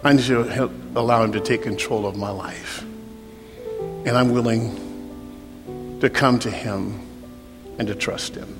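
Preaching pastor in a reverberant church hall. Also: male voice, mid-range voice, steady tone, measured pace, long pauses. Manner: swings from shouted preaching to hushed altar-call prayer. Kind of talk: sermon. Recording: long hall reverb, soft music behind.

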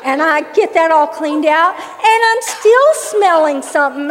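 An older woman preaching a sermon through a funny personal story, with lively laughs along the way. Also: extremely high pitch, unhurried, a faint crowd. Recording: long hall reverb.

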